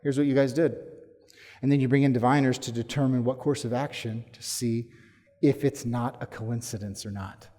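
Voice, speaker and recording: A man preaching a sermon as pastor, emphatic, rising to forceful challenges and then dropping low. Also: fairly even intonation, normal speed. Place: church sanctuary. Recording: long hall reverb.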